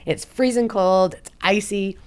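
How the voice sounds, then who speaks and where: A woman guest on a podcast, telling her story in casual chat, animated and profane, laughing often and acting out what people said. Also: medium pitch, measured pace, smooth.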